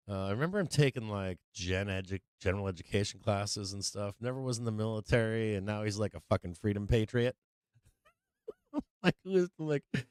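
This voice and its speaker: A man's voice: lowish voice, darkish tone, no room sound, studio quality. A middle-aged man hosting a casual trading livestream, ranting with lots of swearing and laughing as he talks. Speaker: livestream stock trading host.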